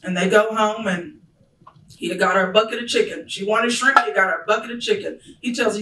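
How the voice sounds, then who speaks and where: Bright-voiced woman preaching in an echoey church. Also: medium pitch, fairly even intonation, fairly quick, a little hiss or hum. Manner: storytelling, building to fervent shouted preaching. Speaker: minister. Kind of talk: sermon. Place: church sanctuary. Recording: echoey church from a distant mic.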